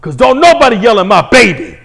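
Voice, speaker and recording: A man voicing a loud, protective, confrontational mother in a talk monologue. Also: high voice, huge pitch swings, brisk, vocal fry, slightly rough, heavily acted. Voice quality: shouting, bossy.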